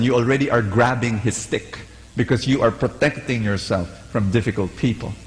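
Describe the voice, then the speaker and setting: A man preaching a sermon, animated and conversational, asking the congregation to repeat after him. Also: mid-range voice, big-room sound, rough recording.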